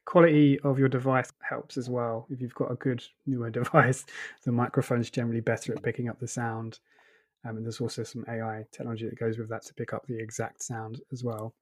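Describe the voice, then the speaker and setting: A man with an Essex accent co-hosting a tech podcast, relaxed and chatty. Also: mid-range voice, a little fast. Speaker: podcast co-host. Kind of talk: casual tech discussion.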